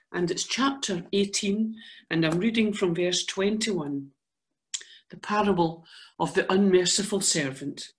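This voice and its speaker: A woman reads scripture aloud during a church service. Her pace is slow and deliberate, and her pitch sits in a middle range. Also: a little mellow. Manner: slow, measured reading. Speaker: scripture reader. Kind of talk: Bible reading in church.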